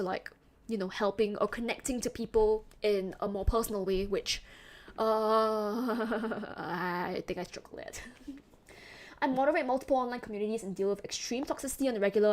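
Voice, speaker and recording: A young woman from Singapore with a slight British-sounding accent, chatting casually with her stream viewers, giggling often and reading chat aloud. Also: fairly high pitch.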